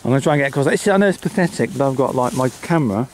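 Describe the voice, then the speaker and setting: A British man talking casually to his camera as he walks country trails, with a middle-pitched voice. He rambles, mutters asides and mocks himself. Faint outdoor noise sits behind him. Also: expressive, racing, darkish tone. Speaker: vlogger. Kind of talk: casual vlog talk to camera. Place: outdoors on flooded rural trails in winter.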